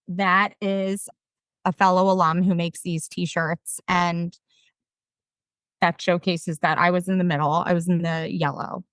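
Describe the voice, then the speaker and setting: A woman in her thirties with a South Jersey accent, a podcast guest telling stories in an animated, self-deprecating way. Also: on the low side, measured pace, no echo. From South Jersey, USA. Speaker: podcast guest, game show winner. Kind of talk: casual storytelling interview.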